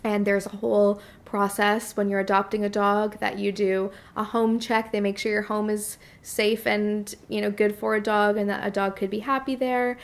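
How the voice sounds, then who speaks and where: A woman's voice: medium pitch, level tone, normal speed, hardly any pauses. A woman vlogger talking casually to camera in a heartfelt, chatty way, with frequent fillers. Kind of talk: casual personal vlog talk.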